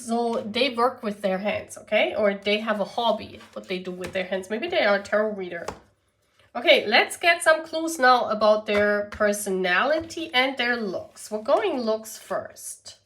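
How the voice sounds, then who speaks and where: A woman's voice: mid-range voice, lively intonation, moderate pace, fairly bright tone, a little hiss or hum. A woman with a German accent, German as her first language, giving a chatty pick-a-card tarot reading to her viewers. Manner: chatty, often adds "okay?" and "yeah?". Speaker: tarot reader.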